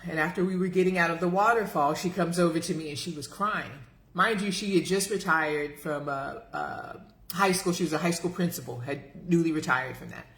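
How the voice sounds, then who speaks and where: A middle-aged woman, a life coach, giving an emphatic, lively live-streamed talk to women, calling them girlfriends. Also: lowish voice. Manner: energetic, emphatic, addresses viewers as girlfriends. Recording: roomy echo.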